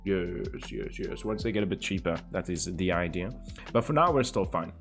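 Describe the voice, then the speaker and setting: A man's voice: low-pitched, lively intonation, moderate pace, music in the background. Chatty young male livestreamer. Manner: chatty, teasing, swears freely. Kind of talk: casual chat with live viewers.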